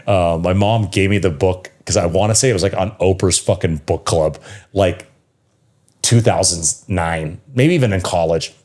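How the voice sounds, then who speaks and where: Deep-voiced man telling his story with passion. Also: normal speed, darkish tone. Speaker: podcast guest, yoga teacher and connection coach. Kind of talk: casual podcast conversation.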